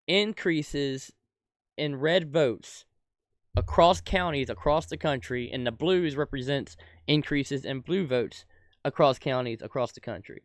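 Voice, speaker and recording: A young adult man giving an angry, profane political rant as a commentator, swinging from shouted outbursts to low muttering. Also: measured pace, dry recording, clean studio sound.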